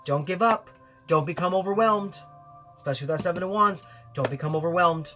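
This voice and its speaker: A man's voice: high voice, fairly quick, sharp tone, faint music behind. Earnest, encouraging male tarot reader. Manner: earnest, encouraging, repeats phrases for emphasis. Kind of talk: weekly tarot reading to camera.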